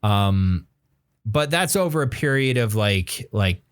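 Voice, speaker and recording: A man's voice: lowish voice, lively intonation, takes it slowly, clear, resonant tone, dry recording, studio quality. A man co-hosting a casual music podcast, rambling with many fillers and restarts. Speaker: podcast co-host. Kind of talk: casual chat.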